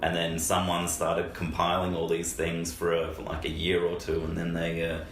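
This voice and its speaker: A man's voice: sits low, monotone, normal speed, fairly bright tone. A young man co-hosting a podcast among friends, rambling through stories with many restarts and fillers. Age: young adult. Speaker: podcast co-host. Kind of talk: casual banter. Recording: echoey room with faint hiss.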